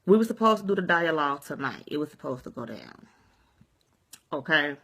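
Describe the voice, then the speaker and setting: A woman's voice: deep voice, sing-song, brisk, a bit bright, slightly rough. A woman ranting casually on her vlog, rambling and repeating herself, swearing freely, recorded at home at the end of her day. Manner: rambling and repetitive, keeps saying "you see what I'm saying", swears freely. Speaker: vlogger. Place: at home at day's end, sage and candles burning.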